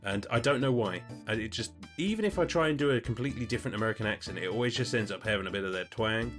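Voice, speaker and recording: A man's voice: on the low side, lively intonation, rapid-fire, hardly any pauses, fairly bright tone, faint music behind. British man, chatty podcast host. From United Kingdom. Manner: rambling, self-correcting, chatty. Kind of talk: casual chat answering listener questions.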